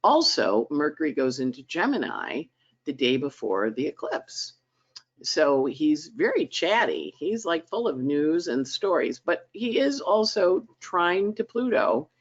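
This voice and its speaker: A woman hosts a weekly astrology forecast, her pitch swinging up and down with lively emphasis. She talks in a chatty, dramatic way. The sound is dull, like a conference call line. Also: measured pace. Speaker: astrologer host.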